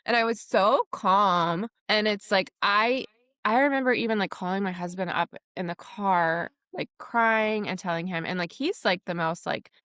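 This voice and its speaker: Young woman, podcast co-host, mid-pitch, animated storyteller, dry close sound. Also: normal speed, dry recording. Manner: animated storyteller who acts out the people she quotes. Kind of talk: casual chat.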